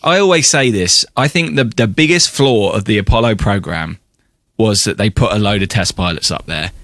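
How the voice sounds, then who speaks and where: A man's voice: fairly low pitch, moderate pace, a bit bright, no room sound, clean studio sound. A man co-hosting a podcast, chatting enthusiastically with frequent laughter. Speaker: podcast co-host. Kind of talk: casual chat.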